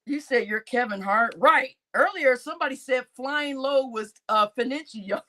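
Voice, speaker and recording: A woman's voice: high voice, moderate pace. A woman hosting a casual livestream, chatting with her audience, laughing often and swearing as she reads comments. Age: adult, grown-up. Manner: animated, laughing, swearing, addresses chat as y'all. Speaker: livestream host.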